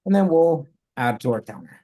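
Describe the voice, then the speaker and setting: A man's voice: mid-range voice, sing-song, normal speed, mellow. A man teaching a live coding lesson, talking through his code step by step and correcting himself as he goes. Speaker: coding instructor.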